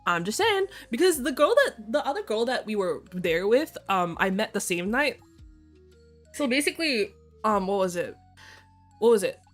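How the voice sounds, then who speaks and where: A woman's voice: medium pitch, sing-song, moderate pace, faint music behind. A young woman streamer chatting casually and telling stories with lots of giggles and quoted voices. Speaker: vtuber streamer. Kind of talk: casual chat.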